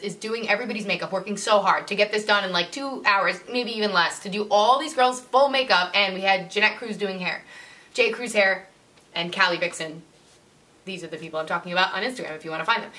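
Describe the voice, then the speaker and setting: A woman's voice: mid-range voice, sharp tone, distant mic. A woman vlogger telling a personal story to camera in a chatty way, full of "like" fillers. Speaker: model and vlogger.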